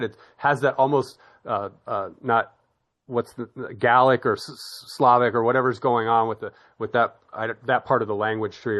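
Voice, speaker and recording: A man's voice: lowish voice, a bit bright. Man, from the United States, interview host, rambling, chatty, laughs often. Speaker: podcast host. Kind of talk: casual interview chat.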